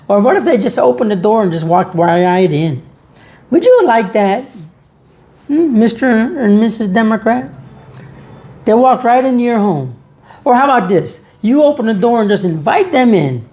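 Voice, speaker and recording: A man's voice: high voice, expressive, moderate pace, mellow. A man from Georgia, delivering a sarcastic, rhetorical monologue and telling stories. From Georgia, USA. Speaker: vlog host. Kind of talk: ranting monologue.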